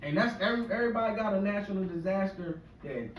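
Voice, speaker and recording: Lively intonation and a quick pace mark this high male voice, though the audio is dull. The speaker, a comedian in his forties from the East Coast shore of the US, delivers a conversational, rambling, profane rant, recorded from a distance in an echoey space with faint noise.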